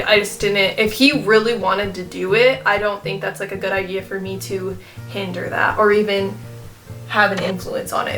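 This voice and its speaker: A vlogger in her twenties chats casually to her viewers in a medium-pitched, somewhat bright voice, rambling with lots of fillers and restarts. She is emotional and at times close to tears.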